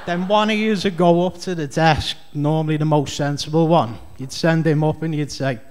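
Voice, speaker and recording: A man's voice: on the high side, steady tone, normal speed, a little mellow. A man with a Scouse accent doing a rambling, chatty stand-up comedy set on a club stage. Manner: rambling, chatty, heavy on fillers.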